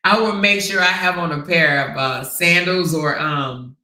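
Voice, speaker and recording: A woman hosting a casual livestream, telling stories and reading viewer comments in an animated, sassy way. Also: lowish voice, a little slow. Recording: roomy echo.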